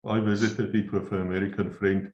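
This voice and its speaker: A man's voice: fairly low pitch, level tone, fairly quick. A man hosting an interview, speaking in an earnest, plain-spoken way. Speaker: interview host. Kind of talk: conversational interview. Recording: roomy, dull lo-fi sound.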